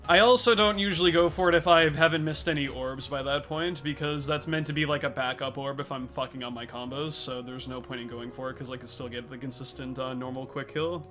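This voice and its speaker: A man's voice: medium pitch, steady tone, a little fast, few pauses, pushed and bright, faint music behind. A young man streaming a speedrun, chatting casually as he thanks viewers and explains his game tactics. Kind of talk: casual livestream chat while speedrunning.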